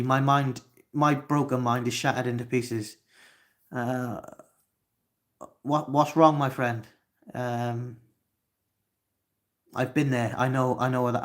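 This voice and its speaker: A Welsh man in his twenties hosting a live stream, reading chat comments aloud and swearing at trolls. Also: medium pitch. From Wales. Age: 20s. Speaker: livestream host.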